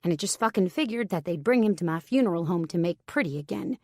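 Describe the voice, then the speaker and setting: A woman narrating a first-person romance audiobook in a steady, wry storytelling manner. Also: on the low side, quick pace, few pauses, dry recording, clean studio sound.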